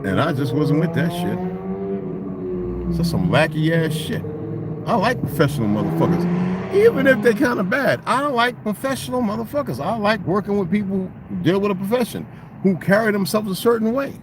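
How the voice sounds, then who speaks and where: A middle-aged man in a casual, profane rant, swinging into loud, mocking quotes of other people. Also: high voice, lively intonation, moderate pace, background noise. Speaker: vlogger.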